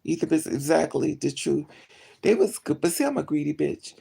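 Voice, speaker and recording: A vlogger telling a story in a casual chat, animated and gossipy, acting out both sides of the conversation. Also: mid-range voice, brisk, vocal fry, breathy edge.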